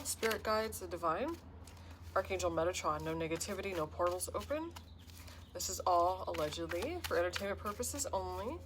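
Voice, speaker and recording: A woman's voice: lowish voice, noisy background. A woman giving a casual spiritual tarot reading to camera, talking in an earnest, heartfelt, rambling way. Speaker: tarot reader and self-described healer.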